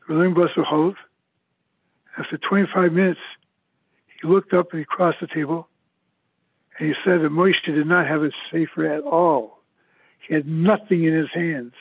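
A man's voice: on the high side, creaky, breathy edge, dry recording. An older man giving a eulogy, emotional and emphatic, repeating his words often. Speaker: eulogy speaker. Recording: tinny phone-like, dry sound.

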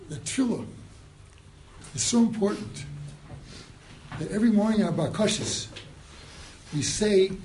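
A man giving a mussar sermon, moving from hushed storytelling to loud rhetorical questions, with Hebrew and Yiddish terms mixed in. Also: high-pitched, a little hiss or hum, poor audio. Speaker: rabbi giving a mussar talk.

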